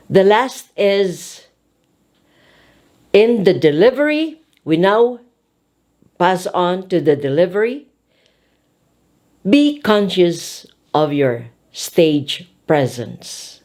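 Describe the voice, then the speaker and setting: Woman, speech coach lecturing; very slow, animated pitch, emphatic delivery. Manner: slow, emphatic, demonstrating intonation. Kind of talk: teaching lecture.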